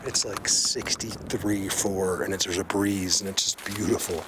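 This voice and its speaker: A man vlogging as he walks through a forest, rambling excitedly and sometimes dropping to a hushed voice. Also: sits low, measured pace. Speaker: bigfoot researcher vlogger. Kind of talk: casual walking vlog. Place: outdoors in a forest. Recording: outdoor ambient noise.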